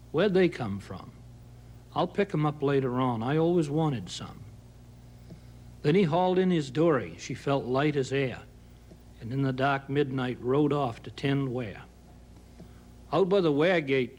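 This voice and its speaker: A man's voice: mid-range voice, darkish tone. A man with a Maine accent reciting a humorous narrative poem in a folksy drawl, acting out the characters' lines. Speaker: storyteller. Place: home kitchen.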